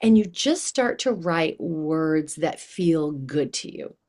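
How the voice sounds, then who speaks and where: A woman guest on an interview show, talking in an animated, enthusiastic way and acting out the voices she quotes. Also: low-pitched, takes it slowly. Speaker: guest, coach. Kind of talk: casual interview chat.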